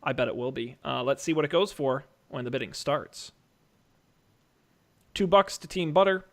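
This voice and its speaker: This podcast host speaks at a medium pitch and sounds animated. Running a movie draft auction on his casual show, he rattles off bids like an auctioneer and cracks jokes along the way.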